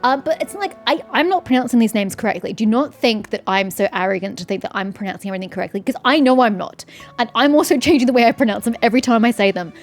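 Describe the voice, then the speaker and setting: A woman's voice: fairly high pitch, lively intonation, fast talker. A woman doing let's-play commentary, sarcastic and sweary, ranting about the game. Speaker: gaming streamer. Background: faint game music.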